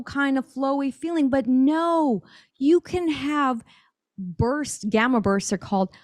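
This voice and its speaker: A middle-aged woman with a high voice talks with eager emphasis as a podcast guest. She is a drum teacher who laughs easily. Her voice sounds dry and close, with no room around it. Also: dry recording. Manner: enthusiastic, emphatic, laughs often. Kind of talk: podcast interview.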